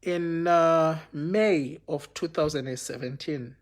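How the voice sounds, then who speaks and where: Young man, slightly higher voice, loose rambling storyteller who keeps asking viewers if they follow. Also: slow. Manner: rambling, repeats phrases, checks in with viewers. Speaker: storyteller on a livestream. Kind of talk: casual livestream storytelling.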